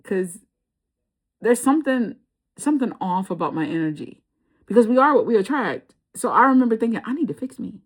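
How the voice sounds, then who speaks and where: Slangy, animated woman storyteller. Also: on the high side, a little fast. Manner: slangy, animated, laughs often. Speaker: tarot reader. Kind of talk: casual storytelling tarot reading.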